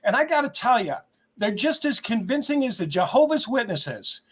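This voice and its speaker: A man's voice: very high-pitched, very animated, normal speed, fairly bright tone, breathy edge. A man speaking as a guest on a call-in talk show, telling a personal story in an earnest, heartfelt way and repeating words as he searches for them. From United States.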